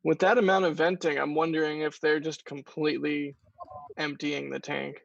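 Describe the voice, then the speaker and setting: Gravelly man on a dull, dry remote line. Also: on the high side, little pitch movement, normal speed, no room sound. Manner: musing, storytelling, trailing off. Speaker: livestream co-host. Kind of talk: casual livestream commentary.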